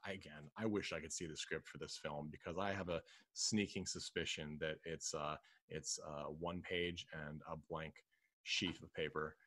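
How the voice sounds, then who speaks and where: A man's voice: very deep voice, steady tone, moderate pace, sharp tone, no echo. A man hosting a casual film-discussion podcast, rambling with many fillers and restarts. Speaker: podcast host.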